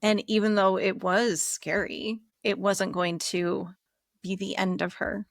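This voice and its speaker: A woman's voice: medium pitch, measured pace, gravelly, no room sound, clean studio sound. A woman middle school teacher being interviewed, telling a classroom story and acting out the dialogue in it. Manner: animated, acts out dialogue in her story.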